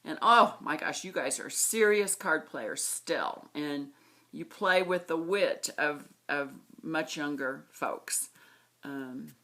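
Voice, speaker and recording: A middle-aged woman recording a personal birthday message to her aunt, reminiscing fondly and slowly with pauses. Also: sits low, pushed and bright. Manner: fond, reminiscing, slow with pauses. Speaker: niece giving a birthday tribute.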